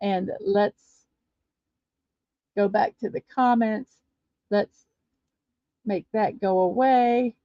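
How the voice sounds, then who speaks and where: A woman's voice: mid-range voice, drawn-out words, pauses often, no echo. A woman hosting a casual livestream, chatting and reading viewer comments aloud. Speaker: livestream host. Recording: dull lo-fi dry stream audio.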